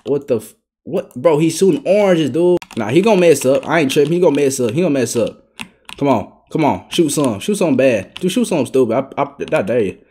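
A man's voice: a little high, fast talker, husky. Brash trash-talking young gamer guy. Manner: trash-talking, brash, bursts into excited yelling. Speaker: gaming YouTuber. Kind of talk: live gameplay commentary.

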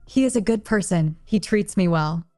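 A tearful, tipsy young woman from a storybook romance, sulky and heartbroken, speaking in a plain, mid-pitched voice, as a woman reads her lines in an audiobook. Faint music plays behind. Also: lively intonation, moderate pace, warm tone, close to an everyday voice. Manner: plain read-aloud voice, barely changed from narration.

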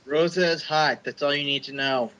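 A man's voice: fairly high pitch, fairly even intonation, normal speed, bright, forceful tone, lo-fi sound. A man co-hosting a casual wrestling podcast who stammers and jokes. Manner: stammering, joking. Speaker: podcast co-host.

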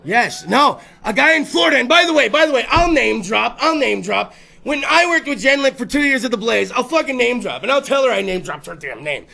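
A man's voice: extremely high pitch, lively intonation, brisk, gravelly, sharp tone. A man hosting a talk show, riffing through rowdy, profane comedic bits and putting on voices for the stories. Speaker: podcast host.

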